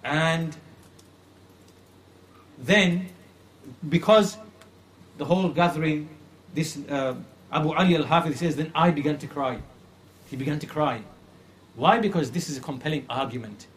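A man's voice: fairly high pitch, slight background noise. Earnest male religious lecturer. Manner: earnest, repeats phrases for emphasis, slows to stress points. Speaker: Islamic creed teacher. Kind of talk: religious lecture retelling a classical story.

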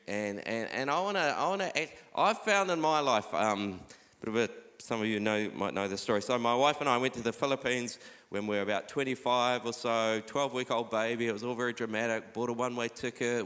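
A middle-aged man preaching a sermon, urging his listeners on with repeated "come on" and dropping quieter when he reads scripture aloud. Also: mid-range voice, a little fast. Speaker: pastor. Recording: long hall reverb.

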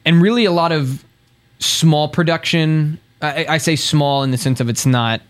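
A man co-hosting a casual chat podcast, rambling and correcting himself as he talks. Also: fairly high pitch. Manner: rambling, self-correcting, quick bursts. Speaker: podcast co-host.

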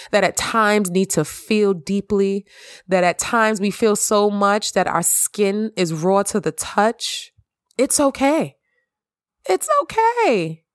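A woman talks alone into her podcast mic at home with an impassioned, emphatic voice that sits in a middle pitch. She repeats her phrases and leaps high when she turns to reassure herself. The sound is dry and close, with no room echo. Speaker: podcast host. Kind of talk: heartfelt solo podcast monologue. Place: at home in the evening.

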